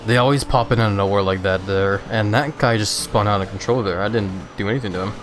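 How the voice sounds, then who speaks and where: Brief: relaxed male streamer, deeper voice, hiccups, faint game music behind. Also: fast talker. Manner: laid-back, laughs often, many fillers. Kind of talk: casual gameplay commentary.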